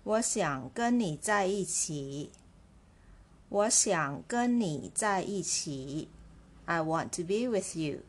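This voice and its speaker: Woman, language teacher, slow and deliberate, repeats each phrase three times. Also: lowish voice, animated. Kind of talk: slow, clear language lesson.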